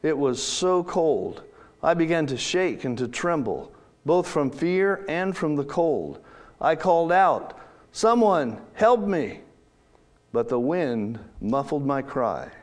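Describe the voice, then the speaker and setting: Man reading a story slowly, slightly high voice. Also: very animated, darkish tone. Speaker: storyteller in a church sermon. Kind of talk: first-person story reading.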